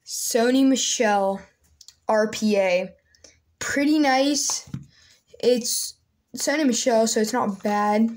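A woman vlogging casually as she opens her mail, excitable and gushing, often dropping to a hushed, awed voice. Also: on the high side, takes it slowly, pauses often. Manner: excitable, keeps saying "oh my gosh, guys", drops to hushed awe. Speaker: sports card collector vlogger. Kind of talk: casual unboxing vlog.

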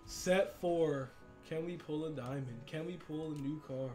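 A young man commenting on a sports video game, hyped and slangy, swinging from shouts to mutters. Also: a little high, unhurried, faint music behind. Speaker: gaming YouTuber.

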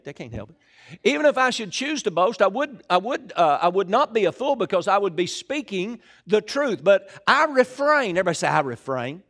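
A middle-aged man preaching a sermon in church, calling out to the congregation and swinging between loud bursts and hushed asides. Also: a little high. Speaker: pastor. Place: church sanctuary.

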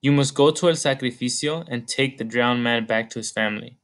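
A man reading the part of a sorrowful ancient female weeping spirit, gentle, solemn and pleading. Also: medium pitch, fairly quick, natural voice.

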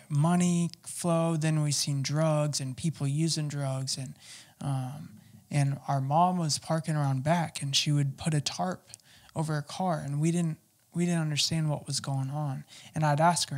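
A man telling his personal testimony as an interview guest, talking haltingly with many fillers and restarts. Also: a little high, flat delivery, darkish tone.

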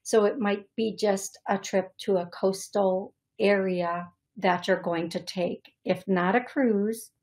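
A young adult woman hosting a psychic medium show, speaking in a halting, repetitive way with many fillers as she passes on messages to viewers. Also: medium pitch, fairly even intonation, a little mellow. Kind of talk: live-stream reading for viewers.

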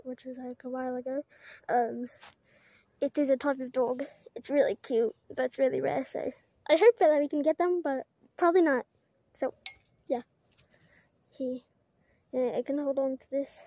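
Giggly high-voiced girl vlogging outdoors. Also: no room sound. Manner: giggly, rambling, many fillers, mostly quiet; tries a mock British-Australian accent. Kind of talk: casual rambling vlog. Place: outdoors, high up while climbing.

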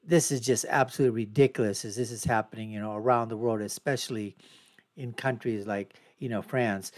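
A man's voice: medium pitch, a little fast, a little mellow, no echo. A man hosting his own show, giving scornful, ranting commentary over news footage. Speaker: show host.

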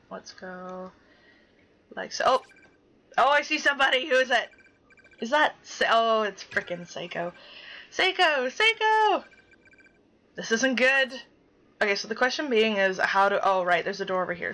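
A woman's voice: medium pitch, normal speed, pushed and bright, low-quality recording. A young woman playing a game and reading its dialogue aloud, chatty and dramatic, swearing casually as she reacts. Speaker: gaming YouTuber.

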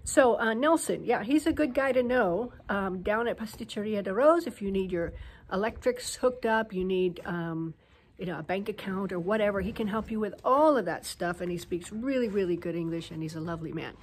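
An American woman chatting casually in a vlog, telling animated stories with plenty of fillers, filmed on a handheld phone at her home terrace. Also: mid-range voice, brisk, breathy edge, poor audio. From United States. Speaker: vlogger. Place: home terrace in a hill town.

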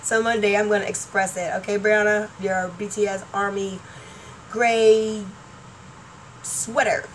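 A middle-aged woman rambles excitedly through a casual home vlog, laughing between thoughts. She sits back from a laptop mic, so her voice sounds somewhat distant, with a faint hum of room noise underneath. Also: mid-range voice, measured pace. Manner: chatty, excitable, laughing often, trailing off. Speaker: YouTuber. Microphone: laptop webcam mic.

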